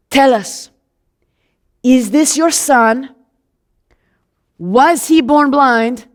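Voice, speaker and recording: An earnest, indignant man born blind and newly sighted, as a woman tells it in his voice. The storytelling is animated and chatty, full of asides to the listener, with a rather high voice and an unhurried, drawn-out pace. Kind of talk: first-person biblical monologue.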